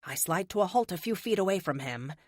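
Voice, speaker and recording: A woman narrating a first-person action audiobook with dramatic, expressive delivery on a close studio mic. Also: on the low side, brisk, no echo.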